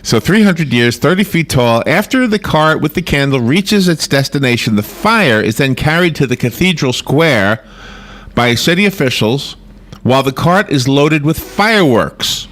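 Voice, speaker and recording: A man co-hosts a casual morning radio show, reading holiday customs aloud, then riffing on them and laughing often. His voice sits on the high side with big pitch swings, a bit bright, at a normal pace.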